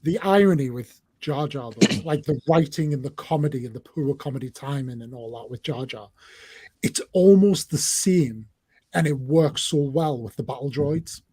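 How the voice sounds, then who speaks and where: A man chatting casually on a video call, thoughtful and measured. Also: medium pitch, warm tone, husky. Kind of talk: casual chat.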